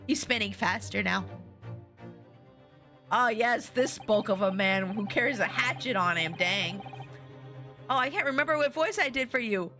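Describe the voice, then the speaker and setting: A woman's voice: medium pitch, lively intonation, normal speed, pauses often, pushed and bright, soft background music. A young woman streaming a game, chatting playfully with her chat and reacting aloud to the story. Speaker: VTuber streamer. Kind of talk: casual live-stream game commentary.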